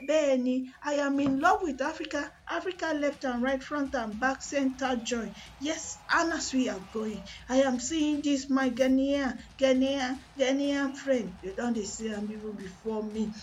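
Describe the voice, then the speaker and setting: Brief: Nigerian Pidgin woman, radio sports host, high voice, faint room hum behind. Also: moderate pace, few pauses. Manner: mixes Pidgin, English and Yoruba, chanting and hyping. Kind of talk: lively radio show banter. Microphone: studio mic.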